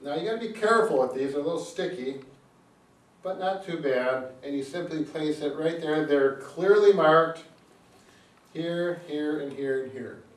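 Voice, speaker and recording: A man's voice: fairly high pitch, normal speed. A man, a physical therapist, gives a casual product demonstration and explains things step by step with frequent fillers. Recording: echoey room, mic at a distance.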